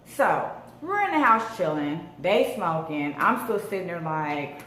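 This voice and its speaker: A woman's voice: fairly low pitch, very animated, measured pace, fairly bright tone. A woman in her thirties from Southern California, telling a dramatic storytime vlog with slang and swearing. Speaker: vlogger. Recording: echoey room with faint noise.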